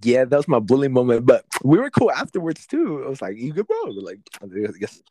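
A man's voice: medium pitch, huge pitch swings, brisk, dark tone, no room sound. A young man telling a schoolyard fight story in casual, profane slang, acting out his own past lines.

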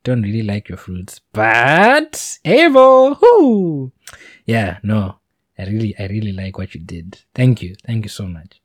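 A man's voice: on the low side, steady tone, moderate pace, mellow, husky, no room sound, clean studio sound. A man playing God as a casual, chummy, all-knowing figure who speaks in slang during an informal retelling.

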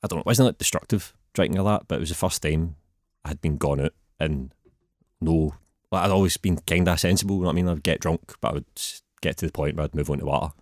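A young man with a strong Glaswegian accent chats casually as a podcast guest. His voice sits very low, and he rattles through his anecdotes at a quick, easy clip over a dry, close sound. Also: no room sound. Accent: Scottish, Glaswegian. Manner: laid-back, chatty storytelling. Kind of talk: casual chat.

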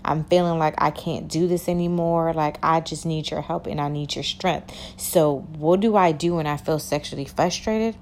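A woman's voice: low-pitched, fairly even intonation, moderate pace, hardly any pauses, a little hiss or hum. A young woman hosting a podcast, chatting casually and playfully, with a lot of slang aimed straight at her listeners. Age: young adult. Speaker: podcast host. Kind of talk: casual confessional podcast chat.

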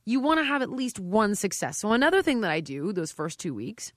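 In a conversational interview, a middle-aged female fitness trainer speaks emphatically and directly, bringing in animated quoted dialogue. Her mid-range voice moves fairly quickly, and the recording is dry with clean studio sound.

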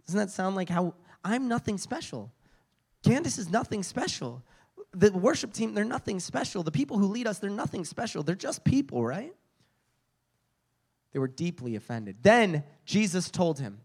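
A man's voice: high-pitched, very animated, normal speed, darkish tone. A man preaching a sermon, telling stories with frequent restarts and repeated words.

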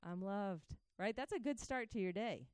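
A woman preaching a sermon, swinging from hushed to joyfully shouting and talking straight to her listeners. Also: mid-range voice, lively intonation, normal speed, smooth, dry recording. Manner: laughs between points, speaks to listeners as guys.

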